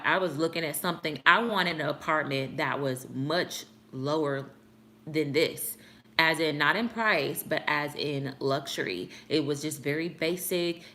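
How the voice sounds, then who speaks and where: At home in her apartment, a young woman YouTube vlogger chats earnestly with viewers, answering comments with a preachy edge. Her voice sits low with a fairly bright tone, and there's a little hiss or hum.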